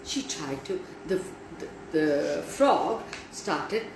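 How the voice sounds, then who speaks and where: A woman reading a story aloud for children in an animated way, speaking to her young listeners. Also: deep voice, very slow, creaky. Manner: animated, talks to listeners directly. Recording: echoey room, faint background noise.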